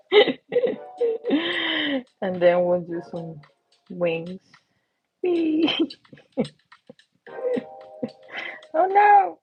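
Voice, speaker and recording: A young woman chats excitedly to her viewers while she draws on a live stream. Her voice swings freely up and down and has a slightly husky edge. The sound is a bit muffled, with faint music playing underneath. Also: mid-range voice. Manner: bubbly, excitable, talks to viewers while drawing. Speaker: livestream doodling host. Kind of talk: casual live drawing stream.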